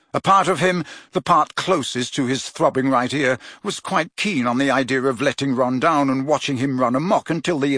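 A man narrating an audiobook with expressive storytelling. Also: mid-range voice, no echo, clean studio sound. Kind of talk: scripted narration.

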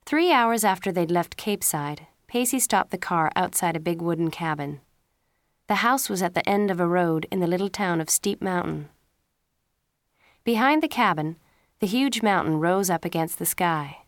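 A woman reading a story aloud with steady, even scripted narration. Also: lowish voice, normal speed, dry recording. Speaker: storybook reader.

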